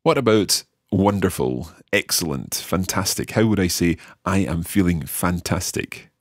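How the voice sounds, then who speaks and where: A man's voice: sits low, animated, unhurried, dry recording, clean studio sound. A man hosting a language lesson as the learner, curious and repeating new words back. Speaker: host and learner.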